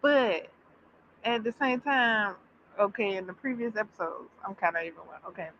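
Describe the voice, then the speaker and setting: A woman with a mid-range voice chats casually on a livestream while reacting to a series, bursting into excitement with drawn-out exclamations and repeats. Her streaming mic gives slightly dull audio with faint background noise.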